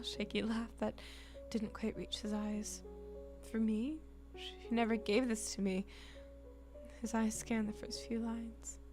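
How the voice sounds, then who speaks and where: A woman streamer reading game narration softly and chatting about the game. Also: on the high side. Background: faint music.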